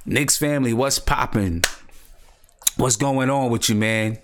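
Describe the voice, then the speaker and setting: A young man hosting a casual fan live stream, talking excitedly, repeating himself and answering viewers in the chat. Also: medium pitch, measured pace, noisy background.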